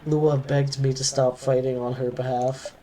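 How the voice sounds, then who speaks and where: A man reading a young male elf freelancer's game lines in a casual, slightly cocky storytelling way, over loud background noise. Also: medium pitch, little pitch movement, unhurried, lightly acted. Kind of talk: reading game dialogue aloud.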